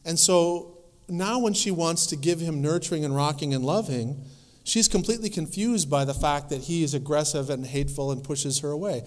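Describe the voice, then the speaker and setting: A man lecturing at a conference, telling anecdotes in a lively way and acting out the voices of the people in his stories. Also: fairly high pitch, normal speed, long reverb tail. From North Dakota.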